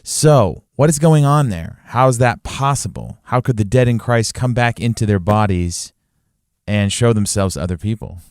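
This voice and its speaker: A man's voice: fairly low pitch, normal speed, darkish tone, no room sound, studio quality. A man co-hosting a podcast who asks questions in a casual, curious way. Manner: inquisitive, poses questions.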